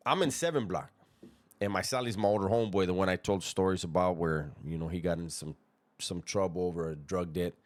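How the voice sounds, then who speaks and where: A man telling a prison story in a relaxed, slangy, conversational way, chuckling at his own tale and dropping low and hushed on asides. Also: brisk, no room sound. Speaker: storyteller recounting prison life. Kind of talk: casual spoken storytelling.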